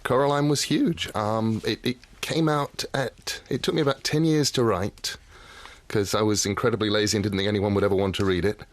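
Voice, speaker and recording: A man's voice: fairly low pitch, steady tone, fairly quick, no echo. A man guesting on a radio interview as an author, telling stories in a dry, wry way in a studio.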